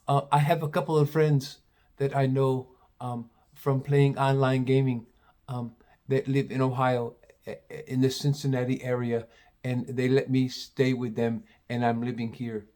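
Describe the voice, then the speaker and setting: A man's voice: medium pitch, little pitch movement, a little slow, mellow, lightly acted. Man doing a meek, overly polite young man. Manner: meek, hesitant, full of ums.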